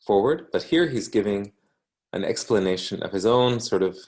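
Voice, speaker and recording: Man, Canadian English accent, deep voice, casual read-aloud lesson, self-correcting. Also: lively intonation, a little mellow. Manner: slow, unhurried, with frequent ums and self-corrections. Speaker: teacher reading a book aloud.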